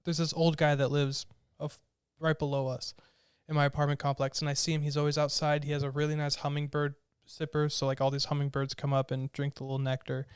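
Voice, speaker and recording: A man's voice: fairly high pitch, monotone, quick pace, smooth, no room sound, clean studio sound. Rambling, opinionated male co-host. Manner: rambling, opinionated, filler-heavy. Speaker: podcast co-host. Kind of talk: casual chat.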